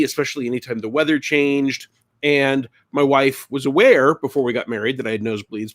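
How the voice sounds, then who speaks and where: A middle-aged man telling a funny story on a casual live stream, animated and acting out the screams. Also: medium pitch. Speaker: co-host and game designer.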